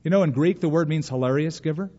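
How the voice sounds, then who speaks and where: A man's voice: fairly high pitch, fast, mellow. A man preaching a sermon in a folksy manner, acting out the voices of the people he quotes. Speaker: pastor. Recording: dull, long church reverb.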